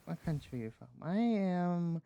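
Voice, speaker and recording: A man's voice: high voice, expressive, normal speed, dark tone, lo-fi sound, a little hiss or hum. A man from the Appalachian United States chatting casually while streaming a game, rambling and hesitant, with lots of fillers and small laughs.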